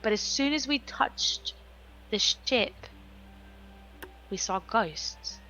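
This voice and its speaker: A woman's voice: fairly high pitch, takes it slowly, sharp tone, faint music behind, low-quality recording. A woman playing a tabletop game, describing her character's actions hesitantly and thinking aloud. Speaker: player.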